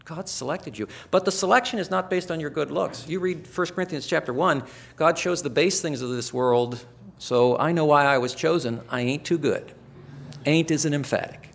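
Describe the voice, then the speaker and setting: An older man preaches a chapel sermon to students training as pastors. His voice is gravelly and mid-pitched, and he swings between loud, emphatic bursts and quiet, hushed asides. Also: a little fast.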